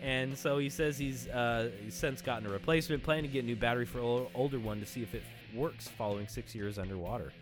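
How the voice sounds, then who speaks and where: Laid-back American male podcast co-host, mid pitch, reading news over background guitar music. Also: fast, hardly any pauses. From United States. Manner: laid-back, reads lists aloud, laughs often. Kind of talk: casual chat reading news items.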